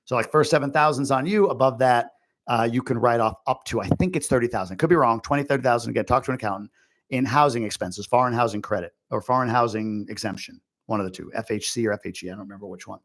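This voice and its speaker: A man's voice: mid-range voice, fast talker, fairly bright tone. A man hosting a casual livestream Q&A, answering viewer questions in a chatty, rambling way full of fillers and asides. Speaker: host.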